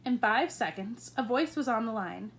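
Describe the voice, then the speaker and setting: A woman teacher reading a children's novel aloud with expressive storytelling. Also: on the high side, moderate pace.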